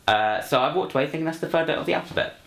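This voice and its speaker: A man's voice: on the high side, expressive, very fast, vocal fry, a bit bright, slight background noise. A young man introducing himself and telling a comic story, rambling with many fillers and restarts. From London. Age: young adult. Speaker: university student, actor. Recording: roomy echo, faint music.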